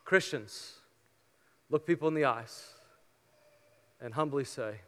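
A male pastor preaching a sermon, telling a story earnestly and then leading a soft prayer. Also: mid-range voice, slow pace, pauses often. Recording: long hall reverb.

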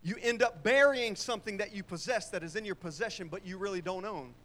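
A man preaches a sermon in church, shifting between casual storytelling and call-and-response with the congregation in conversational, Southern-style colloquial phrasing. His voice sits high, sharp in tone and fairly quick.

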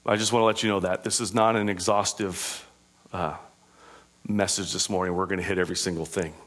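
A man preaching a sermon as pastor, moving between raised, emphatic proclaiming and quiet, conversational asides, with an informal manner and frequent fillers. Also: sits low, level tone, a little fast.

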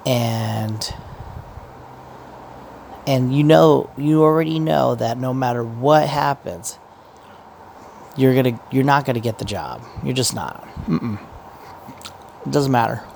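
A man's voice: medium pitch, slow, gravelly, long pauses, a little mellow, a little hiss or hum. A man giving casual, rambling commentary as a podcaster, profane and meandering, with many restarts.

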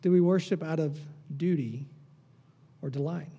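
A man preaching a sermon, full of rhetorical questions, swinging from emphatic peaks down to low, quiet lines. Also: normal speed, slightly rough, highs cut off. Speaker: pastor.

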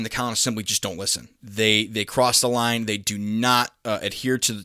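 A man's voice: fairly low pitch, pushed and bright, no room sound, studio quality. A man teaching a history lesson in a casual, conversational way, with plenty of fillers, restarts and bursts of emphasis. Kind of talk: casual lecture.

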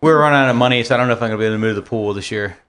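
A man in casual chat with friends, an animated storyteller who swears freely. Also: mid-range voice, very fast, clean tone.

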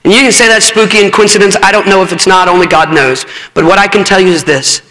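A man's voice: sits high, steady tone, fast, sharp tone. A man preaching a sermon in a church, urgent and telling stories to the congregation. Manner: urgent, storytelling. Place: church sanctuary. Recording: reverberant hall.

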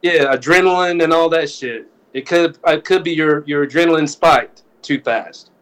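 Clean in tone and fairly high in pitch, this man's voice moves at normal speed. He's co-hosting a podcast, telling laid-back stories with laughter, false starts, and lively reenactments of his friends' remarks.

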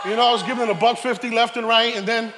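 A man preaching a sermon, animated, with joking asides and shouted peaks. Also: very high voice, racing. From New York, Harlem. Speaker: pastor. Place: church sanctuary. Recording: reverberant church hall.

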